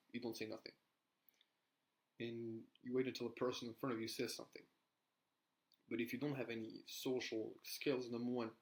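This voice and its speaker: Here a young adult man offers casual, meandering sales tips, often restarting sentences and tacking "right?" onto his points. His pitch is mid-range, and the audio quality is poor.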